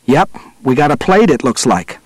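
A man voicing an excited male submersible pilot calling out sonar finds in eager, quick exclamations. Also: medium pitch, breathy edge, dry recording, rough recording.

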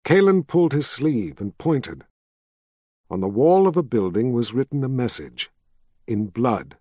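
A man reads a fantasy novel aloud in a steady, measured storytelling voice. His pitch sits in the middle range, neither deep nor high. The recording is dry and close, with no room echo. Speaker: audiobook narrator. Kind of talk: scripted narration.

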